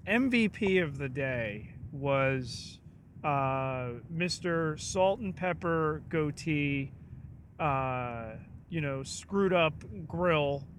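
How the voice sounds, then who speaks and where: A man with a fairly high voice co-hosting a casual podcast. He talks very slowly and hesitantly, with dry, sarcastic humor. Faint room ambience can be heard behind him. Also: lively intonation, a bit bright, a little hiss or hum. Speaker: podcast co-host. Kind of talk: casual chat.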